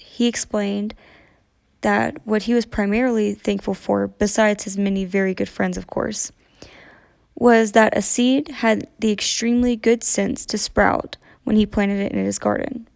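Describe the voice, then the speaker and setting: Storyteller: a woman reading a children's book gently, with a dry, close sound. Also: medium pitch, creaky, no room sound. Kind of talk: storybook read-aloud.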